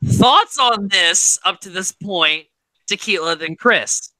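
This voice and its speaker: A woman's voice: medium pitch, expressive, slow, pushed and bright, dry recording, rough recording. A woman hosting a casual podcast recap, talking animatedly and swearing casually. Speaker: podcast host. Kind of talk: casual reality-show recap chat.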